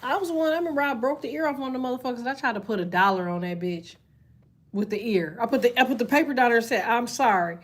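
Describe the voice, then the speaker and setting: Woman streamer, AAVE speaker, animated and profane storyteller, slightly high-pitched. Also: fast. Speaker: live streamer reading chat. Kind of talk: casual storytelling chat.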